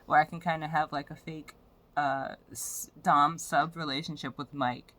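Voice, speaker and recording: A woman's voice: sits low, fairly even intonation, normal speed, fairly bright tone. A young woman vlogging in a frank, profane, rambling way about her personal life. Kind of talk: candid personal vlog rant.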